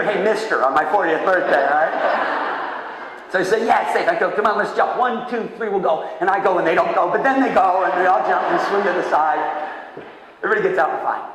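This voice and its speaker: A man in his fifties delivers a keynote talk in a large hall, his fairly high voice bouncing around the room with heavy echo. He tells stories with animation, acting out other people's lines. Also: background noise. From Massachusetts, USA. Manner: animated storyteller, acts out voices with big pitch jumps. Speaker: keynote speaker. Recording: echoey hall, heard from far off.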